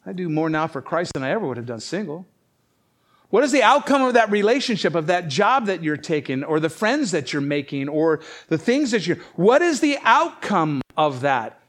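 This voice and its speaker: A man's voice: fairly high pitch, sing-song, normal speed, a bit bright. A man preaching a conversational sermon, reading scripture aloud and asking rhetorical questions. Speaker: pastor.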